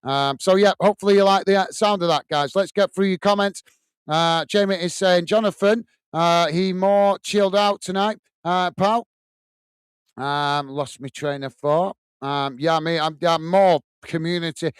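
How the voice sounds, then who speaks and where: A man from the United Kingdom with a high voice hosts a football watch-along from a home studio room, speaking at a moderate pace with a clean tone and no room sound. Chatty and friendly, he casually reads out viewers' comments, thanks them by name, and uses lots of fillers.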